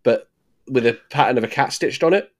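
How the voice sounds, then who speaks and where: A man with a mid-range voice, talking a little fast, co-hosts a podcast. In a casual film review chat he talks through a movie, swearing now and then and acting out lines from scenes.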